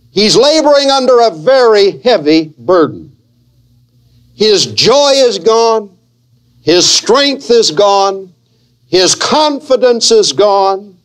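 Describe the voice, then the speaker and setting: A man preaching a sermon, slow and earnest, with dramatic pauses between phrases. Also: sits high.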